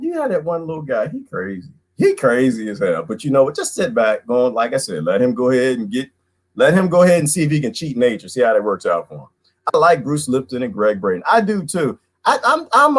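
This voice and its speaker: A man's voice: on the high side, a bit bright. A man hosting a casual livestream, ranting animatedly, laughing often and greeting viewers by name. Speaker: livestream host.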